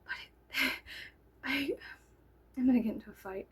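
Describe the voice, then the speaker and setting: A woman's voice: high voice, moderate pace, slightly rough. A young woman from Texas, telling a story in a rambling, giggly casual chat and swearing freely. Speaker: storyteller vlogger.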